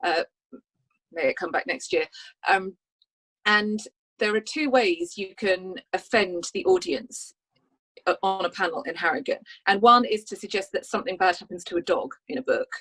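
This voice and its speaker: A woman's voice: mid-range voice, expressive, normal speed, fairly bright tone, slightly rough, low-quality recording. A woman, a crime writer, chatting on an online panel, self-mocking and asking the others questions. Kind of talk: casual online panel chat. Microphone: video call.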